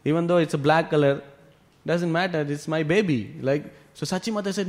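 A man's voice: a little high, fairly quick. Man telling a devotional class. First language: Tamil. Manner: animated retelling with frequent "you know" fillers. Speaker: scripture class teacher.

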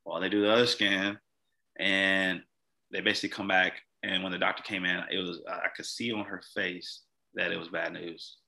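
Young man, interview guest, low gravelly voice, rambling earnest storytelling, lots of "like". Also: flat delivery, moderate pace, bright, forceful tone, poor audio. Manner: rambling, heavy use of "like", earnest. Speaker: podcast guest. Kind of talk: personal story in casual conversation.

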